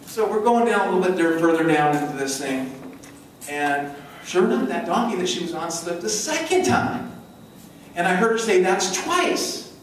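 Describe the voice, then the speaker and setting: A middle-aged man giving a motivational stage talk with a joke story, an energetic storyteller who slips into high acted voices, recorded from a distance in a large conference hall. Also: normal speed, a little hiss or hum. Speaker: event speaker. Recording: echoey hall, distant mic.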